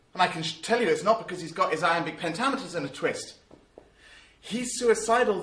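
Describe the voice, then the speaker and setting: A man teaching about verse in a lively, emphatic way. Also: sits high, reverberant. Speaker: drama teacher. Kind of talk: spoken lesson.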